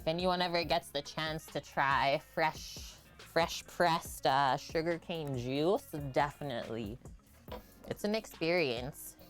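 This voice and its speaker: A woman with a somewhat low voice talks her way through a recipe on a live cooking stream. She chats casually and explains each step as she works in her home kitchen, with faint music playing underneath. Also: slow pace.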